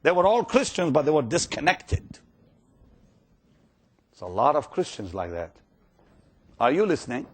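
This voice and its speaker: A man preaching a sermon with strong emotion, swinging between loud, urgent passages and hushed ones, stammering over repeated words when moved. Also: on the high side, big pitch swings, moderate pace, long pauses. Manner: stammering repetitions when stirred; acts out quoted voices.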